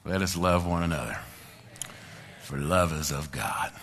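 A man's voice: a bass voice, expressive, a little slow, gravelly, pauses often. A man preaching a sermon, telling a story with fervor and leading a prayer in a church. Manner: fervent storytelling, then quiet prayer. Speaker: pastor.

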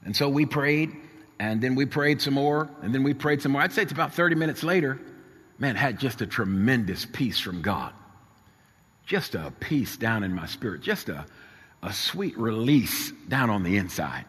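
A middle-aged man delivers a sermon, his voice a little husky and breathy. He speaks earnestly and with emphasis, circling back over his phrases as he builds the story. His words ring out with a long reverb, as if from a large church hall. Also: mid-range voice, expressive, moderate pace, a bit bright. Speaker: pastor.

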